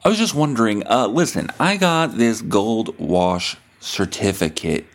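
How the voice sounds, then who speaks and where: A man's voice: fairly low pitch, lively intonation, a little slow. Rambling, profane guy. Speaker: podcast host. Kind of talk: comedic monologue and prank-style phone call.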